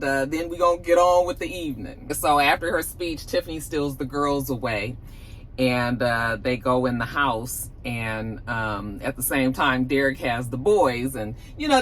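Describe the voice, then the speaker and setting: A woman's voice: low-pitched, a bit bright, a little hiss or hum, low-quality recording. A woman recapping a TV episode in a chatty, slangy way, laughing often. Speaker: TV episode reviewer. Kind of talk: casual TV recap.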